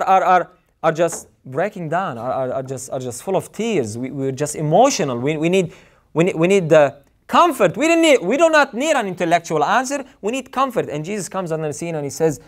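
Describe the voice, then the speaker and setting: Male preacher, slightly high voice, earnest and emphatic, leans on repetition. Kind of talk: sermon.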